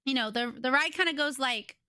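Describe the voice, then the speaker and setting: High, bright-voiced young woman streamer. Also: brisk, smooth, no room sound, clean studio sound. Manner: excitable, giggly, chatty storytelling. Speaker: livestreamer. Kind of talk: casual chat with a live audience. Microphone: desk microphone.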